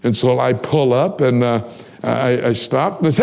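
A man's voice: medium pitch, moderate pace, vocal fry. A man preaching a sermon, telling personal stories with animation and acting out the dialogue. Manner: animated storyteller, acts out dialogue.

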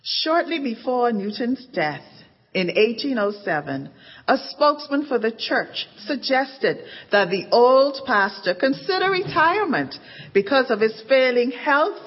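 A woman narrating a story with measured, dramatic emphasis, in a dull recording of an echoing hall. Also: on the high side, very animated. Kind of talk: scripted narration. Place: church event stage.

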